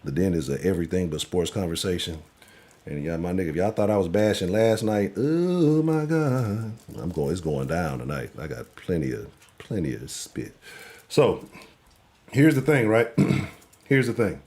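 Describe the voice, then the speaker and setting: A man's voice: sits low, animated, normal speed, darkish tone. A man hosting a live sports talk show, brash, joking and profane.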